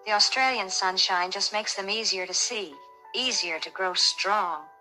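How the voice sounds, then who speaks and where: A woman voicing a gentle, caring panda mother in a bedtime story, speaking softly and steadily. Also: medium pitch, unhurried, soft background music, voice pushed down, poor audio. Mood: tender.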